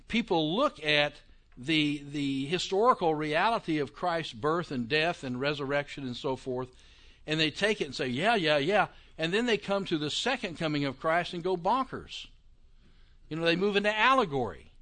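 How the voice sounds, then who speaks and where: A man lecturing on Bible interpretation in a conversational, emphatic way, with quick asides. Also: on the high side, a bit bright.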